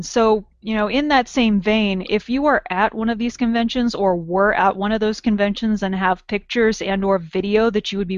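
A woman's voice: mid-range voice, dry recording. Chatty woman podcast host, dull dry sound. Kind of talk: casual podcast chat.

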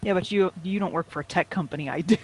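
A man's voice: high voice, fast, a little hiss or hum, low-quality recording. A man co-hosting a casual podcast, just woken up and chatting in a joking, complaining way. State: just woke up, voice lower than usual. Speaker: podcast co-host. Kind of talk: casual chat.

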